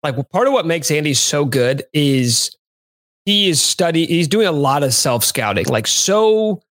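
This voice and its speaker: A man's voice: mid-range voice, fairly bright tone, no room sound. A man hosting a sports podcast, chatting casually with a wry, sarcastic edge.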